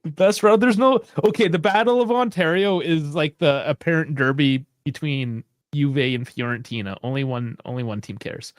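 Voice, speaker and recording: A man's voice: on the high side, normal speed, no echo, studio quality. A man hosting a sports podcast, bantering casually and swearing loosely. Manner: loose, profane banter with frequent laughs. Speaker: podcast host. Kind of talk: casual chat.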